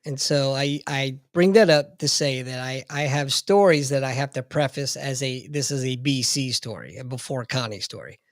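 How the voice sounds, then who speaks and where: A man's voice: medium pitch, normal speed, hardly any pauses, dry recording. A man in his fifties telling a sheepish, joking anecdote on a podcast. His voice sits in an ordinary middle register and is recorded close and dry, with no room sound. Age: 50s. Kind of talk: casual chat.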